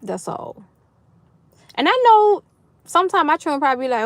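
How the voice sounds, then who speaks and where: A middle-aged woman from New Orleans with a New Orleans accent, chatting loudly and animatedly with viewers on her livestream. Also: high voice, a little fast, no room sound. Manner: loud, animated Southern talk with lively swings. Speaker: livestream host. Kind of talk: casual chat reading viewer comments.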